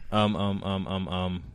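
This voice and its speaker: A man's voice: low-pitched, flat delivery, slow, clean tone. A male podcast host in casual comedy chat. He rambles and stalls with filler words while searching for names. When he gets going he swears freely and rants. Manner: rambling, profane, with many ums and searching for names.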